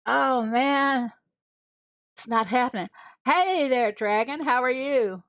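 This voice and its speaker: A woman's voice: high-pitched, takes it slowly, a bit bright, dry recording. A woman streaming a mobile farming game, chatting casually with her viewers and talking herself through each move. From USA. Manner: chatty, talks to herself and reads chat aloud. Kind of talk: casual live-stream commentary.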